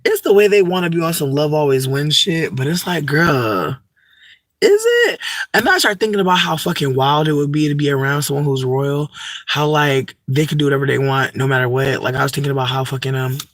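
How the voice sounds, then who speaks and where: A man's voice: medium pitch, a bit bright, no echo. A young man, rambling in a profane, campy, unscripted vlog monologue full of asides. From United States. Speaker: vlogger.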